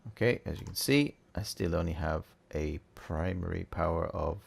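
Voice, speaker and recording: Male tutorial host, low gravelly tone, easygoing, thinks aloud, keyboard clicks behind. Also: normal speed. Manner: relaxed, chatty, thinking aloud with fillers. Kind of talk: casual gameplay tutorial.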